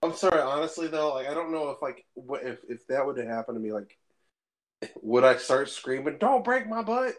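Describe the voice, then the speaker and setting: A man co-hosting a podcast in casual chat, joking and quick to riff. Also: mid-range voice, steady tone, low-quality recording. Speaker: podcast co-host.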